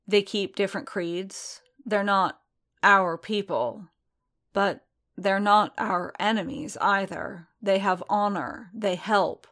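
A woman's voice: medium pitch, a bit bright. Din, a woman reading as a weary armored warrior. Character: weary male armored warrior, conflicted and quiet.

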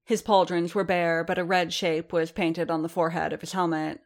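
Low-voiced woman narrating a story. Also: level tone, moderate pace. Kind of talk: audiobook fiction reading.

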